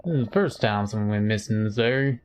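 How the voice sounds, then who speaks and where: A man voicing a male gas station clerk in a game, speaking in a measured way and warning about danger. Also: fairly low pitch, slight background noise, lightly acted. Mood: cautious. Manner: measured, cautionary.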